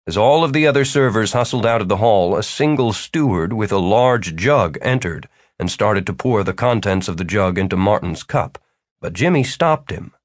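A man reading a story aloud as a narrator, with wry, expressive storytelling. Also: fairly low pitch, normal speed, dry recording, studio quality. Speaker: audiobook narrator. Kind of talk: scripted narration.

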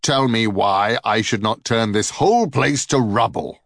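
A man voicing a stern, wrathful male thunder god in a storybook reading, speaking slowly and commandingly. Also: a bit bright, no room sound, clean studio sound. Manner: booming and slow, commanding.

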